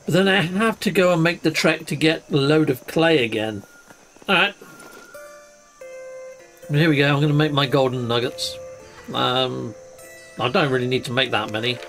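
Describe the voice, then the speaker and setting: A man's voice: on the high side, moderate pace, long pauses, fairly bright tone, faint music behind. A man hosting a casual let's-play, chatting and thinking aloud as he plays. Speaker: gaming channel host.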